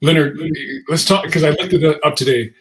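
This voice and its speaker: A man's voice: fairly high pitch, moderate pace. A man co-hosting an interview who has played pro basketball and asks long, rambling questions. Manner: conversational, rambling questions with restarts. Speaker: podcast co-host, former pro basketball player. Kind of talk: interview chat.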